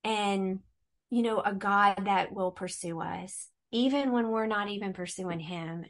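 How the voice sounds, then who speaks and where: A middle-aged woman telling her faith testimony in a relaxed conversation, animated and acting out the voices she quotes. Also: medium pitch, a little slow. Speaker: guest.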